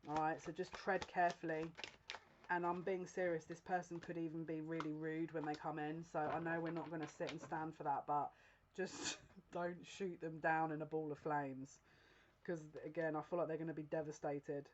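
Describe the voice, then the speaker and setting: A woman's voice: sits low, level tone, muffled recording, a little hiss or hum. Giggling woman giving a psychic reading. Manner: keeps breaking into giggles, halting restarts; earnest, confiding, direct address to viewer. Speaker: psychic reader. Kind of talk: casual tarot-style general reading to camera.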